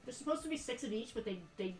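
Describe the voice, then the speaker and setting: A woman's voice: on the high side, animated, fast talker, a little mellow, faint music behind. Playful woman, echoey room. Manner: playful, joking asides. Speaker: co-host. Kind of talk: casual live-stream banter. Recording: echoey room, mic at a distance.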